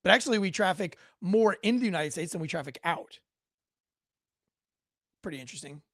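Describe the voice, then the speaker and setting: Fairly high-voiced rambling male news host. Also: lively intonation, brisk, a bit bright, no room sound, clean studio sound. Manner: rambling, sarcastic asides, frequent self-corrections. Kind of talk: casual news commentary. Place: home.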